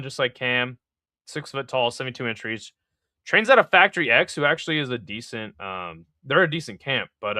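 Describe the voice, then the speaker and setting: A man's voice: mid-range voice, sharp tone, no room sound, clean studio sound. A man hosting a live fight-picks stream, talking loosely and profanely while thinking aloud with lots of fillers. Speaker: podcast host giving fight picks. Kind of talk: casual live-stream chat.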